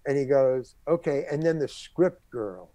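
With a mid-range voice and a slightly slow delivery, an older man speaks with no room sound. As a character actor in a casual interview, he tells an animated story from his career and performs the voices of the people he quotes.

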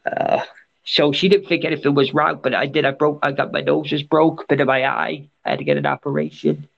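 A Scottish man who is an entertainer appears as a guest in a casual chat, telling rambling, anecdotal stories. His nasal voice is fairly high and steady, a bit bright, with vocal fry and a fairly quick pace. The audio sounds dull.

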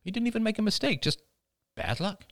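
A man's voice: sits high, big pitch swings, fairly quick, no echo, studio quality, pitched above the performer's own voice. A man reading a blunt, tense father. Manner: blunt, matter-of-fact arguing. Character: tense pragmatic father on the run. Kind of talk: audiobook character reading.

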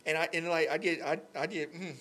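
A young man telling an emotional faith story on a podcast, animated and full of "like" fillers. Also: on the high side, brisk. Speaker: podcast guest. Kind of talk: candid faith conversation.

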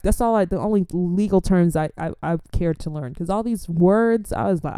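A young woman talks in a casual, animated vlog, often repeating herself and laughing as she gives faith-based life advice. Her voice sits low and mellow with a smooth tone. The sound is close and dry, with no room around it. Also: a little fast, hardly any pauses, dry recording. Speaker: Christian vlogger.

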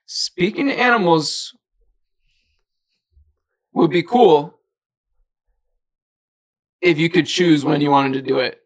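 A young man with a slightly raised, gravelly voice trades casual podcast banter. He laughs often and stumbles over his restarts. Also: on the high side, animated, slow pace, pauses often, poor audio. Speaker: podcast co-host. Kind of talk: casual chat.

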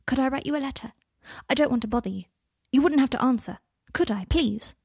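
A woman voicing an earnest, timid eleven-year-old boy in an audiobook reading, with a breathy voice. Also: a little high, big pitch swings, fast talker, warm tone, no echo, studio quality. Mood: pleading.

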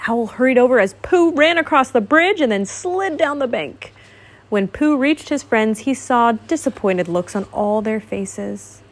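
Gentle woman reading a children's story. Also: fairly high pitch, unhurried. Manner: gentle, expressive, asks the child questions. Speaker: storybook reader. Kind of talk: reading a picture book aloud to a child.

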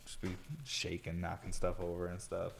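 A man's voice: deep voice, completely flat delivery, normal speed, creaky, background noise. A tired man rambling casually to his viewers, laid-back and swearing often, yawning as he talks. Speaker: vlogger. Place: indoor workshop or studio.

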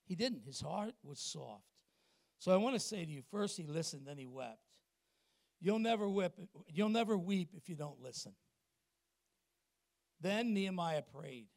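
Middle-aged male pastor preaching in church; high voice, swings from loud emphasis to hushed asides, quizzes the congregation. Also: animated, a little slow, gravelly, long pauses, no echo, studio quality. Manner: asks the congregation questions and acts out little exchanges. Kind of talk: sermon.

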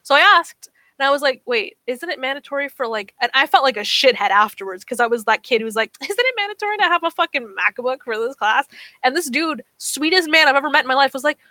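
Talking fast, a young podcast co-host swears her way through lively stories during casual chat, performing each quote she relays. Her voice is bright, clear, and slightly high-pitched, recorded dry and close with no room sound.

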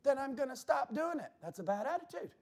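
A man with a strikingly high voice preaches in church. He works the congregation, shouting his key points and then slipping into quick, offhand asides. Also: big pitch swings. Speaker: pastor. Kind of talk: sermon.

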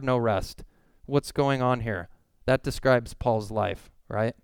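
A man's voice: medium pitch, clean tone, no room sound. A man preaching a sermon as a pastor, earnest, and he lifts his voice to stress key words.

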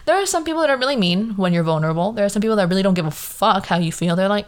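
A woman's voice: medium pitch, very fast, few pauses. Tired young woman rambling on her podcast, lots of "like", kinda sleepy. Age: 20s. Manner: chatty, lots of "like", animated quoted voices. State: tired, yawning. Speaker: podcast host. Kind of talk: casual solo podcast monologue.

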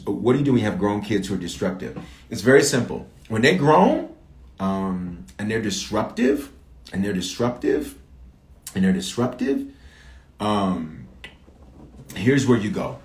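Man, bishop, lively swooping pitch, emphatic repetition, echoey room. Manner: animated, repetitive, emphatic preacher cadence. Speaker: bishop answering questions. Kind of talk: preaching Q&A talk.

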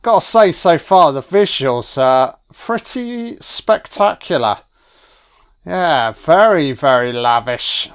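A man reacts to a film on a first watch, swearing freely and cracking jokes at the characters. His voice sits a little high and comes through smooth and clear. He takes his time, with a slow, drawn-out delivery. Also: expressive. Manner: sweary, wisecracking, talks back at the screen. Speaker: film commentator. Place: home recording, voice only.

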